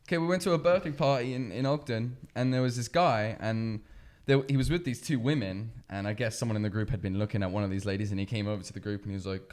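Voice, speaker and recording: A man's voice: on the low side, quick pace, few pauses, darkish tone. A man co-hosting a studio podcast from Canada, telling crude stories with lots of laughter. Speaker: podcast co-host. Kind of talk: casual podcast chat.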